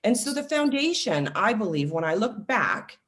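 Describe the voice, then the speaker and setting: A woman in her forties, a self-love coach, talking casually and telling personal stories with lively acted-out quotes. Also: medium pitch, normal speed. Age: 40s. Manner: animated storytelling, acts out quoted voices. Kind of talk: casual podcast conversation.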